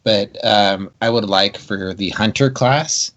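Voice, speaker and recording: A man's voice: lowish voice, slow, a bit bright, muffled recording. A man co-hosting a casual gaming podcast who rambles and restarts his sentences often. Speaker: podcast co-host.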